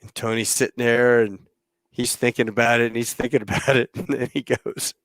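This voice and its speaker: A man in his fifties tells an old flying story with loose, rambling energy, laughing along and swearing freely. His voice sits at an ordinary middle pitch, recorded dry and close with no room sound. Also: steady tone, brisk, fairly bright tone, no room sound. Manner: laughs often, swears, rambling anecdotal delivery. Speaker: podcast host and former military pilot. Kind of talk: casual storytelling.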